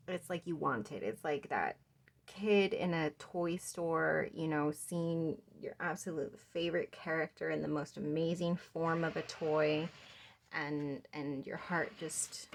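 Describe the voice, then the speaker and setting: A young woman with a slightly low voice reads tarot cards for her viewers. She talks in a gentle, reassuring way and rambles, with lots of fillers. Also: creaky, slight background noise. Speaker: tarot reader. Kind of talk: pick-a-card tarot reading.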